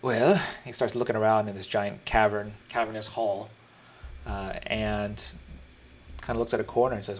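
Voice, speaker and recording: A man's voice: fairly low pitch, little pitch movement, moderate pace, slight background noise. A man narrating as dungeon master in a tabletop game, talking casually with fillers and restarts.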